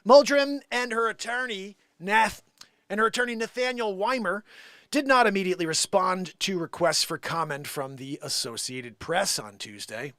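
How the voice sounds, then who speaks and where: A man's voice: high voice, normal speed, bright, forceful tone, no room sound, clean studio sound. A man hosting a live comedy stream, reading a news story in a playful mock radio-announcer style and laughing along. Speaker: live music and comedy show host.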